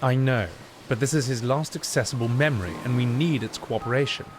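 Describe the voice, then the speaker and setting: A man's voice: medium pitch, brisk, natural voice. A man reading a stern, businesslike woman doctor. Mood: firm. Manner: firm and matter-of-fact. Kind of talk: voice acting a game playthrough. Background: game music.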